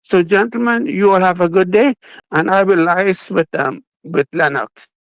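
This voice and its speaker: An older man from Trinidad, high in pitch, rings in to a radio show. His Trinidadian accent comes through as he chats in a friendly, wandering way. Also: moderate pace, low-quality recording. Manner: chatty and friendly, rambling. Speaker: caller. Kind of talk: phone-in radio call.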